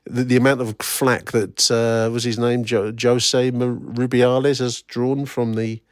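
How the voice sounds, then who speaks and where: A man's voice: medium pitch, level tone, measured pace, no echo, clean studio sound. A middle-aged man from England hosting a solo podcast, talking in a wry, rambling way full of fillers and restarts. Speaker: podcast host. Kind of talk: casual solo podcast commentary.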